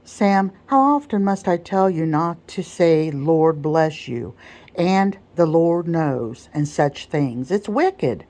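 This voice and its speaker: A woman's voice: lowish voice, lively intonation, slow pace, hardly any pauses, darkish tone. A woman voicing a stern, genteel plantation mistress who scolds firmly and properly, as whispered role-play in a storybook reading. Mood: scolding.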